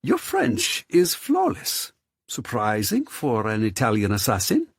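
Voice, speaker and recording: A flamboyant, gushing man who owns the room, as a male audiobook narrator puts him on. His voice leaps high and swoops wildly, with a slightly husky edge. It sounds dry and close, with no room around it. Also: wildly swooping pitch, measured pace, no room sound, exaggerated voice. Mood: playful. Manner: gushing, sing-song and theatrical. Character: flamboyant effusive male yacht host. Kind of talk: audiobook character voice.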